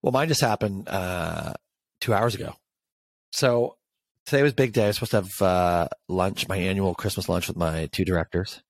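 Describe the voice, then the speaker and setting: A man co-hosting a casual chat show, telling a story as an animated rant with swearing. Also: low voice, normal speed, dry recording. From Canada. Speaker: podcast co-host.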